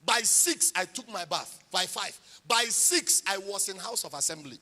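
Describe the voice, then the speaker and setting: Nigerian male preacher, very high and sharp voice, lively storytelling with shouts, booming church reverb. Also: normal speed. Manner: animated storytelling, rising to shouts. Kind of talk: sermon testimony. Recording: long hall reverb.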